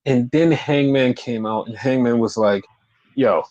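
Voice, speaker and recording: A man chatting casually on a podcast, recapping wrestling with lively, swearing retellings and acted-out quotes. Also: mid-range voice, a little slow. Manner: animated, swears freely, acts out quotes. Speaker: podcast co-host.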